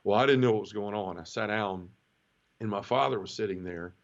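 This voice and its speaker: Man telling his testimony, halting and low. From Memphis area, southern United States. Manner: emotional, halting, with many restarts. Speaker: guest. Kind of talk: personal testimony in a conversational interview. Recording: dull lo-fi audio.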